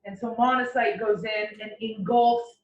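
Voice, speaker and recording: A woman anatomy instructor giving a classroom lecture, explaining with playful, animated analogies. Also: a little high, unhurried, a little hiss or hum. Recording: roomy, distant, dull lecture recording.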